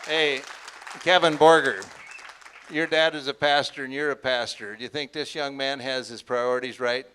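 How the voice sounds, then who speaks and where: Hearty bright-voiced auction emcee man. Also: mid-range voice, steady tone, normal speed, a faint crowd. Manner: hearty, joking, draws guests out. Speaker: auction school host.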